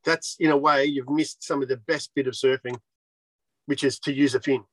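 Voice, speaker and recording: A man's voice: medium pitch, fairly even intonation, moderate pace, no echo, low-quality recording. A man who designs surfboards, talking bluntly and swearing freely in a casual interview. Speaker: surfboard shaper.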